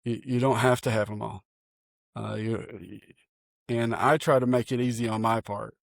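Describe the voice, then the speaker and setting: A man, a pastor co-hosting a podcast, talking in an earnest, folksy, animated way with frequent restarts. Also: mid-range voice, moderate pace, vocal fry, dry recording, studio quality. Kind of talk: casual chat.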